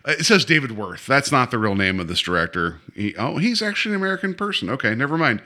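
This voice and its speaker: Animated rambling man, bright voice. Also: medium pitch, quick pace. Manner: animated, rambling with many restarts. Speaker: podcast co-host. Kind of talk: casual chat about films.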